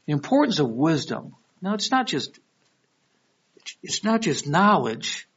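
Slightly rough and a little high, this pastor's voice moves a bit slowly through a dull lo-fi recording. The middle-aged Michigan man, with his Detroit accent, preaches a sermon conversationally, weaving stories and lively quoted voices.

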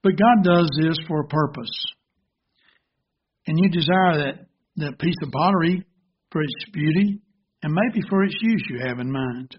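A man's voice: fairly high pitch, lo-fi sound, a little hiss or hum. A man preaching a sermon, earnest and illustrative, telling a parable. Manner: slow, earnest, gently illustrative. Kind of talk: sermon with storytelling.

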